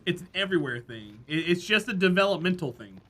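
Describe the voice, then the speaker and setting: A man's voice: high voice, sing-song, quick pace, bright, forceful tone. A man streaming a game live, chatting to his viewers in a rambling, easygoing way and laughing easily. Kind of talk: casual live-stream chat while gaming.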